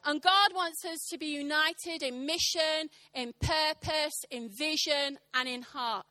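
A woman in her thirties preaching a sermon, telling a funny story with animated, impassioned, punchy delivery to a church congregation. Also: high voice, measured pace, no echo. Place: church service.

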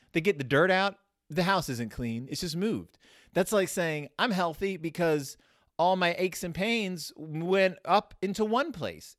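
Animated, rambling sarcastic man. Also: no echo, clean studio sound. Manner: rambling, sarcastic, animated swings in pitch and loudness. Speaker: podcast host reviewing children's books. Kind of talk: casual comedic monologue.

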